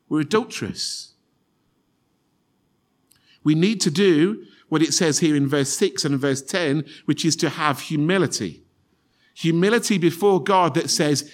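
A man preaching a sermon in an earnest tone, repeating phrases for emphasis and acting out quoted prayers. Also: on the high side.

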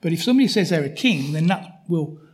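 Chatty preacher, fairly high voice. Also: male voice, lively intonation, fast talker, a little mellow. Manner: conversational, frequent tag questions. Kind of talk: sermon.

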